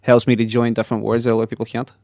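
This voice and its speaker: A man's voice: mid-range voice, monotone, very fast, mellow, no echo. A man with a Northern Irish Derry accent, a guest rapper in a casual interview chat, often tagging sentences with "lad" and "do you know what I mean". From Derry, Northern Ireland.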